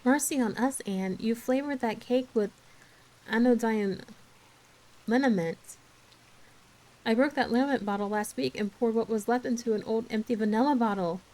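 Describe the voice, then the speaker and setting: A woman's voice: a little high, moderate pace, pauses often, warm tone, lightly acted, rough recording. Brief: woman doing a stern scolding older guardian, storybook reading. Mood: exasperated.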